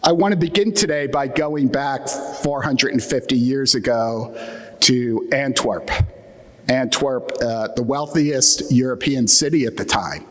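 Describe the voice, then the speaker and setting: A man's voice: medium pitch, a little slow. A man with an Atlantic Midland American accent giving a wry, joking conference keynote with frequent fillers. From United States. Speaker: keynote speaker. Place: large conference hall. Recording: long hall reverb.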